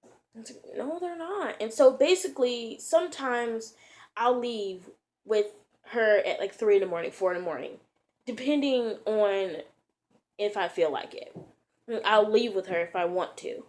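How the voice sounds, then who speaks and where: A woman's voice: mid-range voice, unhurried, darkish tone. A woman vlogger telling a story to her viewers in a rambling, casual way, full of fillers and slang.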